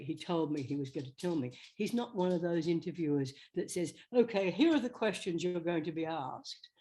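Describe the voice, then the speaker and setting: An older woman, an actress guest telling chatty, animated stories in an interview. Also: fairly low pitch. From Australia. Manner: chatty, animated, slips into quoted voices. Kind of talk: anecdotal storytelling.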